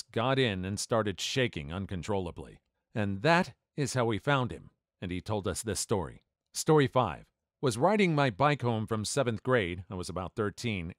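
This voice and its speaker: A man doing scripted story narration in an animated way, acting out the dialogue. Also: lowish voice, dry recording, clean studio sound.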